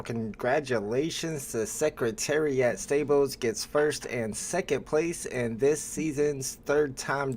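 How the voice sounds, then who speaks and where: A man hosting a live stream, chatting casually with viewers and pausing often with "uh" as he talks. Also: medium pitch, slight background noise. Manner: relaxed, chatty, with frequent "uh" pauses.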